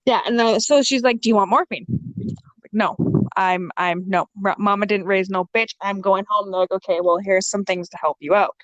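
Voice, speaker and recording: A woman's voice: mid-range voice, normal speed, no echo, dull audio. A young woman guest on a casual podcast, telling her story frankly and with humor, swearing freely and acting out what people said. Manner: swears freely and acts out quoted dialogue; lively, frank and joking.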